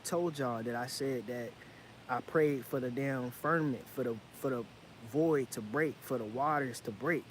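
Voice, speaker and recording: A man's voice: medium pitch, a little hiss or hum, low-quality recording. Intense man telling a story to viewers. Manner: intense, repetitive, profane, addresses viewers as family. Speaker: vlogger. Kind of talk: casual storytelling monologue.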